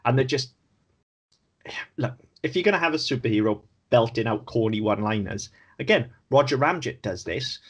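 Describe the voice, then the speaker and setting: Guy on a podcast, kinda husky, ranting about a show, swears a bit. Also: mid-range voice, expressive, normal speed. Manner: opinionated, critical, swears casually. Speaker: podcast co-host. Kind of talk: casual chat.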